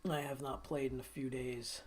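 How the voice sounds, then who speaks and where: A man's voice: medium pitch, little pitch movement, moderate pace. A middle-aged man hosting a guitar livestream, chatting casually and telling stories with frequent laughter. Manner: chatty storyteller, laughs often.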